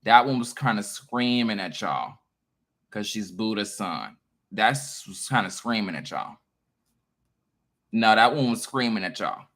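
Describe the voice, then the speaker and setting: A man in a casual monologue to his viewers, emphatic, profane and lecturing, swinging between loud bursts and quiet asides. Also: lowish voice, animated, unhurried, long pauses. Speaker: online creator.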